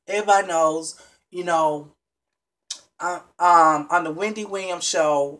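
In a mid-range voice, a vlogger casually recaps a reality show episode for viewers. The talk is chatty and emphatic, with many restarts and frequent asides directed at the audience.

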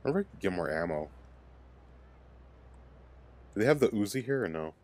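Brief: young male gamer, lowish voice, lively and profane, commenting as he plays. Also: a little fast. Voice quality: excitable, swears and laughs often. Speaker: let's play host. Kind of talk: casual gaming commentary.

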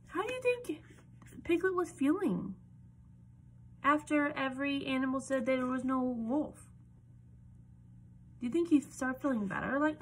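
A young woman reading a picture book aloud to children, animated and often dropping into a whisper. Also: high-pitched, normal speed, long pauses. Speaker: storyteller.

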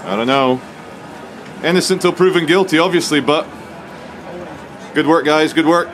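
A man tells a story to his camera in a chatty, joking way as he walks a city street. His voice sits a touch high. Faint traffic and street noise hum behind him. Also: normal speed. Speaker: vlogger. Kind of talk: walking vlog to camera.

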